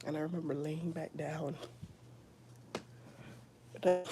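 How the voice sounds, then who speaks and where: Young woman, whispered testimony: gravelly, low-set voice, hushed and halting, full of fillers. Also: steady tone. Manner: soft, often whispered, halting with many fillers. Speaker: streamer sharing a personal testimony.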